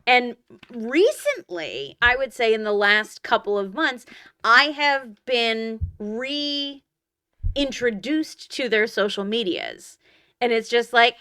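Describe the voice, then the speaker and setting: Blunt, bright-voiced woman talking. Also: a little high, lively intonation, slow pace, clear, resonant tone, dry recording, studio quality. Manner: emphatic and blunt, swears freely. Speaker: podcast co-host. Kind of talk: casual chat.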